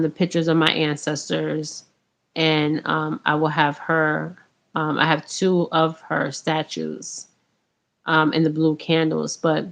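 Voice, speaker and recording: A woman's voice: deep voice, gravelly, a bit bright. A woman talking casually to her viewers about her spiritual path, rambling with many ums and a repeated "okay?". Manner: addresses viewers as you guys. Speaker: spiritual vlogger. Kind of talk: casual spiritual talk to camera.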